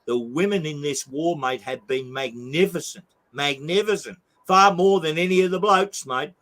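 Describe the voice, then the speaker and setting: A man's voice: on the high side, moderate pace, fairly bright tone. An older man with an Australian accent, talking as a blunt, emphatic interview guest who swears freely. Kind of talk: heated interview talk.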